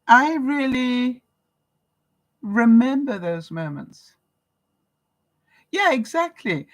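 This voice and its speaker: A Canadian woman vlogger with a slightly high voice tells stories to viewers in a live-stream chat, laughing often and acting out the voices of people she quotes. The audio quality is poor.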